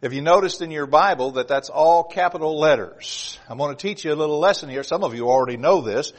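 A man preaching a sermon to his congregation, reading scripture aloud with slow, stressed emphasis and speaking to them in an earnest, direct way. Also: on the high side.

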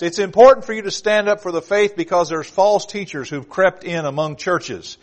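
Guy preaching in church, kinda high voice, leans hard on the verses. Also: expressive, normal speed, few pauses. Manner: emphatic, reads scripture aloud with rising force. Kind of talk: sermon.

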